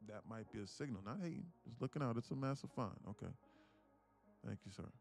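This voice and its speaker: A man's voice: medium pitch, a little fast, vocal fry, a little mellow, soft background music. A man hosting a live day-trading stream, chatting casually, laughing often and repeating words as he thinks. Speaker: day-trading livestream host.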